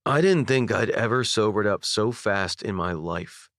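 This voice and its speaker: A young man narrating a first-person audiobook with intimate, expressive storytelling. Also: fairly low pitch, unhurried, dry recording, studio quality. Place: dry recording booth. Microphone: studio microphone.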